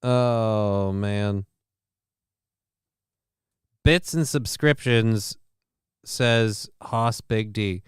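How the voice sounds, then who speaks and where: A man's voice: fairly low pitch, drawn-out words, pauses often, smooth, no echo, clean studio sound. A man streaming live, rambling through casual commentary, swearing and thanking viewers in chat. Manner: rambling, crude, reads out chat names.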